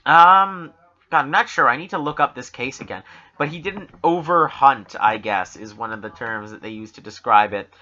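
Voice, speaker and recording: A man's voice: medium pitch, normal speed, bright, forceful tone, lo-fi sound. A Canadian man co-hosting a podcast, rambling and swearing through jokey casual talk. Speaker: podcast co-host.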